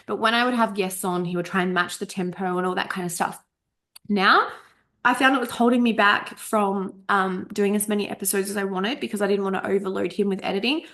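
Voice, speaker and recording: A woman's voice: medium pitch, steady tone, fairly quick, a bit bright. A woman in her thirties talks through a podcast workshop in a loose, chatty way, punching her points hard and swearing casually. She stumbles and restarts and sounds a little coughy. The sound is close and clean from a desk microphone on a video call. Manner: chatty, emphatic, swears casually, trips on words. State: a bit coughy. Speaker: coach running a podcast workshop. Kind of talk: casual spoken workshop talk. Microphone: desk USB microphone over a Zoom recording.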